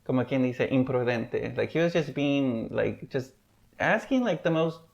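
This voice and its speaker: Male podcast guest, casual and rambling, heavy "like" filler, mid pitch, muffled lo-fi audio. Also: expressive, vocal fry. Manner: rambling, fills every pause with "like". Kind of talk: casual chat.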